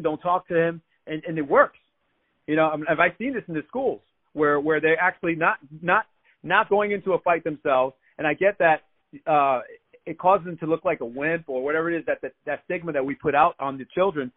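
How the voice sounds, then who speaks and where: New guy calling in on a radio show, tinny phone sound, kinda high voice, stumbles and repeats himself while telling stories. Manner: chatty, repeats words while telling anecdotes. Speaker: guest. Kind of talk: casual storytelling on a radio talk show.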